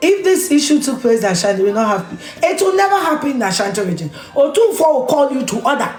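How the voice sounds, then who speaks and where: With soft music behind her and an echoey room, a woman with a high voice and big pitch swings speaks at normal speed. She's a media personality with a Ghanaian accent ranting on camera, emphatic and scolding, repeating phrases and shifting into Twi and Ga.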